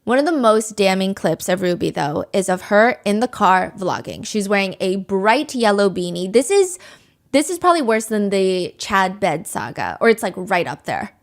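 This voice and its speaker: A woman's voice: medium pitch, big pitch swings, moderate pace, creaky. A woman hosting a podcast, telling a true crime story in a candid, conversational way. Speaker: podcast host.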